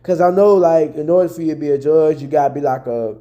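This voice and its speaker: Angry commentator, a man with a high but very dark voice and constant swearing. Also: quick pace, dull audio. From Memphis, Tennessee. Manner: angry, profane, repetitive. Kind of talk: ranting commentary.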